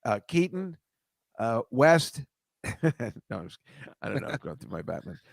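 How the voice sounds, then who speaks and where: A man's voice: medium pitch, very animated, a little slow, vocal fry, dry recording, clean studio sound. Rambling man hosting a comedy chat show. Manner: rambling, self-deprecating, stammers and restarts. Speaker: host.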